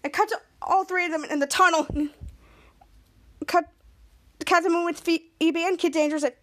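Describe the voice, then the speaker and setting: High-voiced woman recapping a show. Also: steady tone, fairly bright tone. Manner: halting, restarts and repeats herself. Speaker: podcast host. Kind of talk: casual episode recap.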